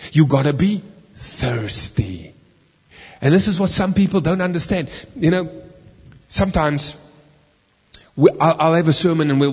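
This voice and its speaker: A man preaching a sermon, swinging from loud, emphatic lines to slow, quiet, drawn-out words. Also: fairly high pitch. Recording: husky voice in a hall with long reverb.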